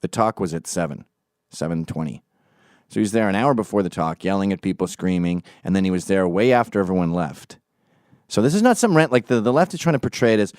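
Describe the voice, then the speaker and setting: A podcast host with a low, very animated and slightly mellow voice tells a story at a slightly fast clip, mocking and swearing as he acts out the quotes. It's a casual monologue, recorded at studio quality with no echo.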